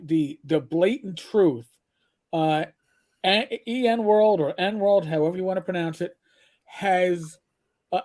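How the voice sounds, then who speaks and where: A man co-hosting a casual gaming talk stream, talking haltingly with many uhs. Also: sits high, mellow. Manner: hesitant, full of uhs and restarts. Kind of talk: casual chat.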